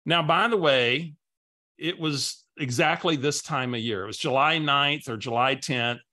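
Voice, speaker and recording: A male business coach with a bright, clear voice, presenting a webinar. He tells a story casually and often repeats words as he goes. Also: a little high, a little slow.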